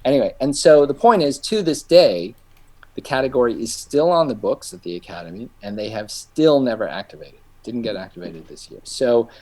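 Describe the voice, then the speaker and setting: Lively middle-aged man telling a story. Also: medium pitch, moderate pace. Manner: animated storyteller who acts out quoted voices. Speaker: guest filmmaker. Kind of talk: casual anecdote telling.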